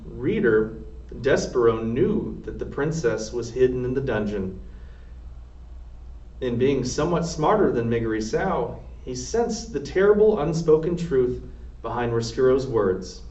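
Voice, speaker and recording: An air force sergeant reads a children's novel aloud in a steady, plain, middle-pitched voice. The dull, lo-fi recording sounds roomy and echoing, captured from some distance.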